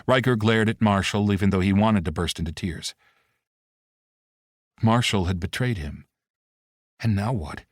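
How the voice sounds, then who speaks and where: A man giving steady, expressive scripted audiobook narration. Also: fairly low pitch, unhurried, long pauses, no echo, clean studio sound.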